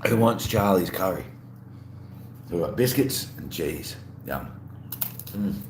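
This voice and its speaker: With a low voice and lively intonation, an Australian man takes his time hosting a casual livestream. He eats, rambles in a relaxed manner, and greets viewers while responding aloud to chat. The recording has a roomy echo and faint hum.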